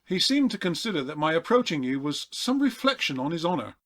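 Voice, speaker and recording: A man playing an eccentric collector, formal, polite, excitable, lively pitch, comedy audio play. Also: fairly quick. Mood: prim.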